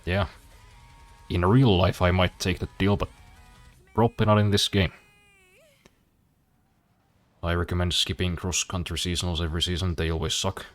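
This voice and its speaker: Man, deep low voice, casual gameplay chatter, dry self-deprecating humor, swears freely. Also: little pitch movement, fairly quick, no echo, soft background music. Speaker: streamer.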